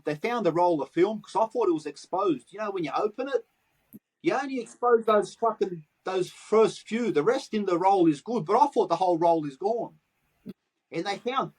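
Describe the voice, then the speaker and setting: Husky-voiced Australian man, high pitch. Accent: Australian, Sydney. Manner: swears freely, animated anecdotes in street slang. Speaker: guest, graffiti artist. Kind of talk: casual storytelling interview.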